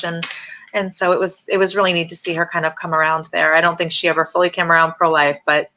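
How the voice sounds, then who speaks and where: A middle-aged woman telling a personal story in an interview, halting with many fillers and restarts. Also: on the low side, steady tone, sharp tone. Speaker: interview guest.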